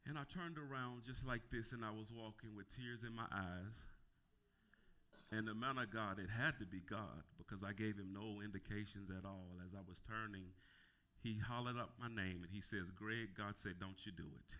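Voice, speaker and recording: A male pastor preaching a sermon, calling for responses and repeating phrases as he builds to shouting. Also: fairly low pitch, normal speed. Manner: repeats words and restarts phrases.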